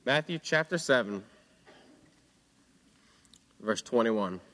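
Young male student preacher, bright raised voice, earnest, long reverb of a hall. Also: expressive, takes it slowly. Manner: earnest, drops low and quiet on quoted words. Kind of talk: sermon.

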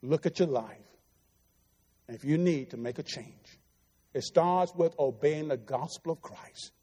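A man's voice: a little high, a little slow, dark tone, husky. A middle-aged man preaching a sermon in a church, pleading earnestly with his listeners. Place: church sanctuary. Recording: long reverb of a church hall.

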